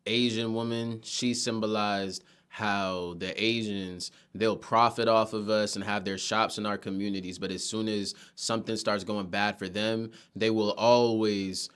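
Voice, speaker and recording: A man's voice: fairly low pitch, fairly bright tone, smooth. A man giving a rambling, profane, casual movie review, often restarting his sentences.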